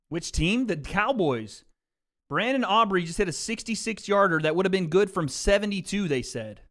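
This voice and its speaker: A man's voice: high voice, lively intonation, normal speed, a bit bright. A man hosting a casual livestream, chatting loosely with his viewers through a desk mic and tossing in plenty of "bro" and "dude.". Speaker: livestream host. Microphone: desk mic with mixer.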